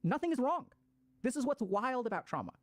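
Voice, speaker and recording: A man's voice: extremely high pitch, very animated, brisk, dry recording. A man giving a casual explanatory talk on mental health, swearing freely and acting out people's reactions.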